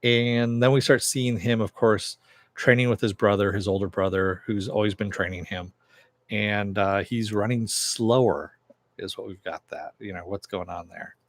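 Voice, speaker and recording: A man's voice: fairly low pitch, steady tone, moderate pace. A man giving a casual episode recap as a reviewer, retelling the plot with lots of fillers. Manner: rambling retelling full of fillers.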